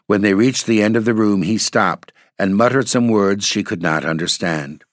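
Deep-voiced man reading a story. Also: moderate pace, dry recording, studio quality. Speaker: narrator.

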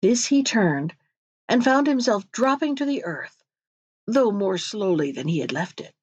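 A woman's voice: medium pitch, very animated, a little slow, no room sound, lo-fi sound. Give me a woman reading a storybook. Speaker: narrator.

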